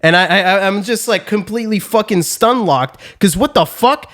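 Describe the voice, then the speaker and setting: A man hosting a podcast, telling a story in an animated way with a lot of swearing. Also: high voice, normal speed. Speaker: podcast host. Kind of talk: casual podcast chat.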